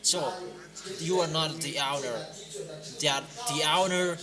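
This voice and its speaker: A man preaching a sermon, exhorting his listeners with loud, emphatic commands that fall back to quieter lines. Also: takes it slowly. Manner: exhorting, rising to loud emphatic commands then dropping low. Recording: clear music playing behind the voice.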